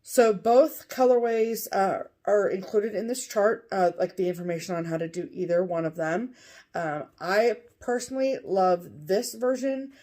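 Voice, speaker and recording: A woman co-hosting a cross-stitch show, chatting casually and gushing with excitement over what she shows. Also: medium pitch, moderate pace. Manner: gushing, enthusiastic. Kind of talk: casual show-and-tell chat.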